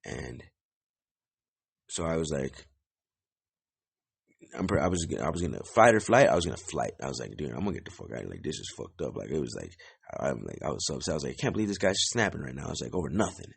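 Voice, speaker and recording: A young man with a very deep, gravelly and husky voice tells a story in a loose, rambling way. He swears freely and fills his sentences with "like". His pitch swings widely as he goes. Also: animated, quick pace, long pauses. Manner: rambling, profane, many "like" fillers. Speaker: podcast host. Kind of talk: casual storytelling monologue.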